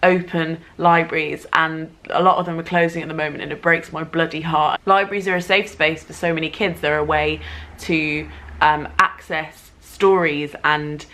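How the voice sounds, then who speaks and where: A young woman from England talks straight to camera in a loose, chatty way. Her voice sits a little low, and she pokes fun at herself with easy laughs along the way. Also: fairly even intonation, moderate pace, fairly bright tone. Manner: chatty, self-mocking, laughs while talking. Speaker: vlogger. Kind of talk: casual chat to camera.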